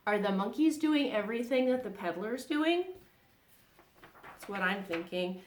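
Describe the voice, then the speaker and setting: A woman reading a children's story aloud, animated and asking the young listeners questions as she goes. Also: medium pitch, measured pace, reverberant, a little hiss or hum.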